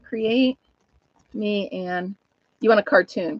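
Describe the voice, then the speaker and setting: Woman host, casual live-stream chat, chatty and quick to laugh, mid-pitched voice, dull muffled sound in a dry room. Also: no room sound. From United States. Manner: chatty, laughs often, talks to viewers and her dog.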